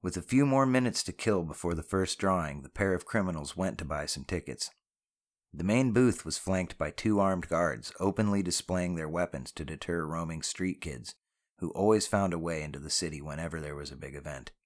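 A man with a very deep voice narrating a novel. His reading is steady and even, with a calm storyteller's pacing. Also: moderate pace. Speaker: audiobook narrator. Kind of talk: scripted narration.

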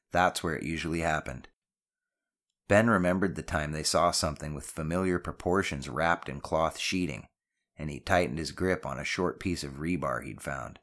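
A man narrating an audiobook with steady, measured storytelling. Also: low-pitched.

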